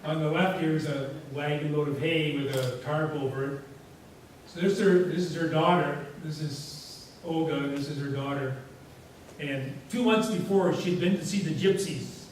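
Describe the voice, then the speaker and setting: A man's voice: on the high side, normal speed, a little mellow. Rambling man speaking in an echoey hall. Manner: rambling, anecdotal, frequent "you know" fillers. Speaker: guest speaker. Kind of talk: casual storytelling presentation. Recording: echoey hall from far off, faint hiss.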